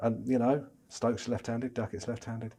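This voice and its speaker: A man's voice: mid-range voice, flat delivery, moderate pace, mellow, slightly rough. A man, a chief cricket correspondent, chatting casually on a podcast, with frequent stammering restarts.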